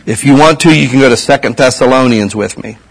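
A man's voice: mid-range voice, quick pace, creaky, low-quality recording. A man preaching a sermon in a conversational way, asking his audience rhetorical questions.

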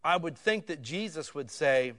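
A man preaching a sermon in a conversational, casual way that swells to loud emotional peaks. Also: fairly high pitch, expressive, normal speed.

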